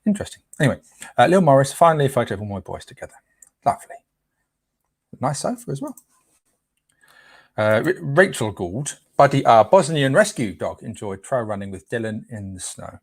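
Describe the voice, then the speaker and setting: A man's voice: mid-range voice, sing-song, brisk, long pauses, slightly rough, dry recording. Guy rambling through a live stream, jokey, dry sound, stumbles on names. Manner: playful, chatty, trips over names while reading. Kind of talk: casual live stream chat.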